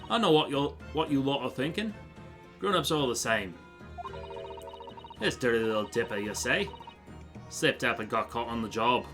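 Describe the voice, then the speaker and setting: A brash Cockney street girl, a proud pickpocket who taunts the grown-ups around her, as a man puts her on while reading a game aloud. Her speech jumps up and down with lively swings. Game music plays clearly behind her. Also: medium pitch, moderate pace, pauses often, natural voice. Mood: taunting.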